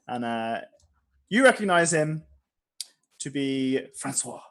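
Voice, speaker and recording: A man's voice: mid-range voice, expressive, takes it slowly. Playful man as game master. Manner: playful, laughs often. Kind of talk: narrating a tabletop game.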